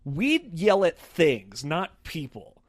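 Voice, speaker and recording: Young male podcast co-host, profane casual storyteller, higher-pitched. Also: huge pitch swings, takes it slowly, dry recording, clean studio sound. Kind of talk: casual chat.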